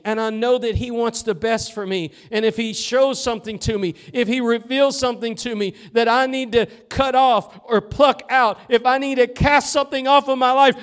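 A man preaching a sermon as pastor in a church, fervent and swinging from loud to hushed. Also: extremely high pitch, clear, resonant tone. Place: church sanctuary.

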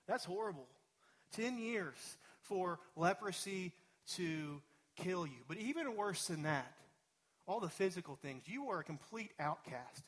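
A man's voice: high-pitched, expressive, measured pace, fairly bright tone, breathy edge. A male pastor preaching a sermon, talking conversationally and building up to emphatic peaks.

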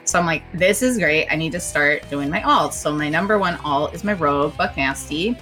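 A woman from Wisconsin co-hosts a casual gaming podcast, bubbly and chatty, peppering her talk with "like" and "dude" and laughing often. Her voice sits a bit low for a woman, with faint guitar music underneath. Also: animated, moderate pace, sharp tone. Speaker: podcast co-host. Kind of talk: casual chat.

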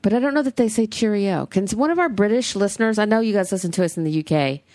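A woman's voice: medium pitch, lively intonation, fast talker, a little mellow, no room sound. An American woman hosting a podcast, rambling and chatty in casual talk, swearing freely. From United States. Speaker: podcast host.

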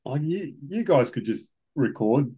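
A man's voice: mid-range voice, animated, a little slow, warm tone, breathy edge. Hesitant Australian man, casual chat. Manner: hesitant, repeats words. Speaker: podcast co-host. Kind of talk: casual chat over whisky.

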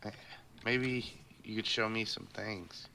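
A man's voice: fairly low pitch, slow pace, gravelly, sharp tone, a little hiss or hum. A man playing a tabletop role-playing game, speaking in an easygoing, hesitant way. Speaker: player. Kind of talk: casual tabletop play.

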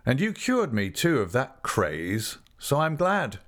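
A man reading an overbearing young gentleman suitor. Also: medium pitch, wildly swooping pitch, slow, pitched above the performer's own voice, heavily acted. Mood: insistent. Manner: insistent, coaxing, overbearing. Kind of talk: audiobook character voice.

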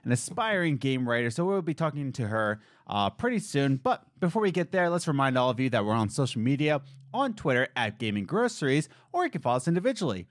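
A man's voice: medium pitch, fast, few pauses, no echo, clean studio sound. A young man co-hosting a casual podcast, telling jokey stories and acting out the voices of people in them. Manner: animated, jokey storytelling with mimicked voices. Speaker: podcast co-host.

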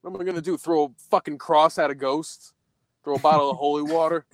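A young man casually telling a spooky story, swearing a lot and jumping to a high voice when he quotes himself. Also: quick pace, no room sound. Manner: profane, animated, voice jumps high when quoting himself.

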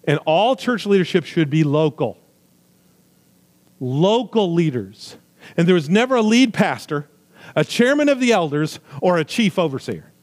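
A man preaching a sermon with emphatic, swinging delivery, loud high stresses falling to quiet low asides, with jokey remarks. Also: big pitch swings, moderate pace. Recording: long hall reverb.

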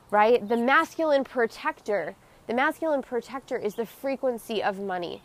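A woman hosting her own podcast, speaking in an earnest, confessional and emotionally open way, dropping soft and close at tender moments. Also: fairly high pitch, brisk. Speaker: podcast host. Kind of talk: personal reflective monologue.

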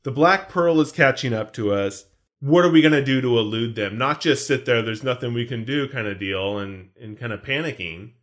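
A man's voice: medium pitch, animated, normal speed, fairly bright tone. Rambling, jokey man podcasting. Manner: jokey, rambling, self-mocking. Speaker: podcast co-host. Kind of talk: casual chat about a film.

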